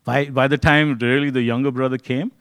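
A man preaching a conversational sermon, joking and swinging between loud, excited bursts and hushed, quiet stretches. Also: medium pitch, brisk, no room sound.

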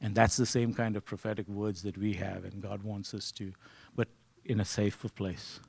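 With a husky, creaky voice on the low side, a man preaches at a moderate pace in a conversational, joking style. He veers from loud, excited bursts to hushed, quiet stretches, and the sound has no echo.

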